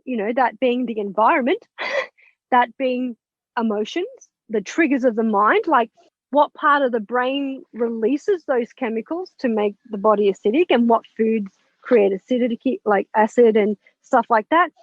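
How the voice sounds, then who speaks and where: As an interview guest on a podcast, this high-voiced spiritual mentor shares personal stories candidly and with animation, cursing and laughing along the way. Her pace is moderate, and the lo-fi recording is dry with no room sound.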